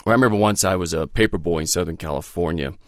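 A man's voice: low-pitched, racing, no echo, clean studio sound. A man telling a fond, earnest story about his father. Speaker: guest sharing a memory. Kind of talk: reflective storytelling.

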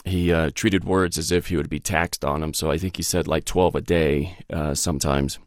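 A man's voice: extremely low pitch, fairly even intonation, moderate pace, no echo, studio quality. A man telling a fond, earnest story about his father. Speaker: guest sharing a memory. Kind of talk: reflective storytelling.

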